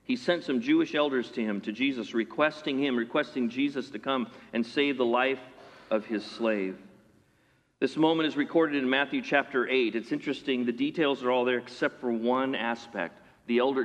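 A man preaching a sermon in an animated way, acting out the voices of the people in his story. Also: medium pitch, normal speed, highs cut off. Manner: animated, acts out voices of characters. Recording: long hall reverb.

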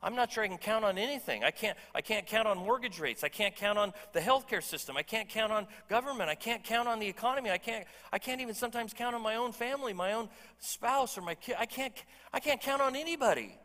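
A man's voice: sits high, fast, hardly any pauses, pushed and bright, big-room sound. A man preaching a sermon as pastor, emphatic and conversational, joking with his congregation. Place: church hall.

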